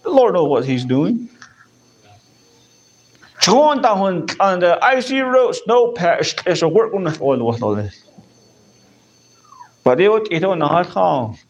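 High-voiced, animated male preacher. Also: slow pace, long pauses. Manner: animated preaching with frequent "amen" and repetitions. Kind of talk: sermon.

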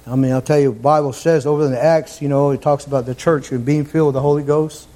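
Man, preacher, fervent sermon, repeats phrases, higher-pitched voice. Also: steady tone, fast. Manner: fervent, rising to near-shouts, repeats phrases.

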